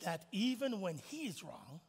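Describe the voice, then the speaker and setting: A man preaching a sermon in church, emphatic, swinging from shouts to soft asides. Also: high-pitched, sing-song, takes it slowly, vocal fry, in a large hall. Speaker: pastor.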